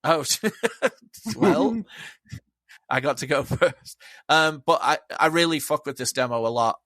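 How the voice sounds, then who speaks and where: A man's voice: on the high side, sing-song, a little slow, a bit bright, dry recording. A man chatting as a podcast guest, enthusiastic and rambling, swearing freely. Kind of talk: casual chat.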